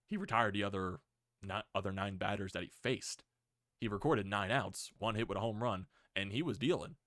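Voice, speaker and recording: A young man hosting a sports video, giving an excited fan reaction rant, swearing freely and laughing. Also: fairly low pitch, no room sound, clean studio sound.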